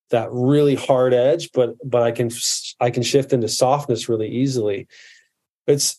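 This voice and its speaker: A man in his forties speaks in a mellow, darker voice at an ordinary middle pitch. He talks earnestly in a casual podcast chat and often breaks off and restarts his sentences. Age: 40s.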